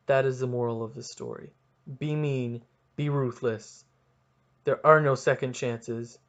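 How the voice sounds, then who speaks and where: A young Canadian man hosts a podcast and tells a story casually, poking fun at himself and performing quotes dramatically. He speaks unhurriedly at a medium pitch with fairly even intonation.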